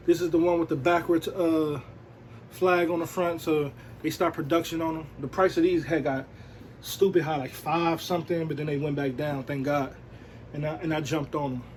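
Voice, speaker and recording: Laid-back man, slightly high voice. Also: fairly even intonation, moderate pace, darkish tone, a little hiss or hum, low-quality recording. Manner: laid-back, slangy, peppered with "you know what I'm saying". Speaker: sneaker and streetwear vlogger. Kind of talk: casual show-and-tell.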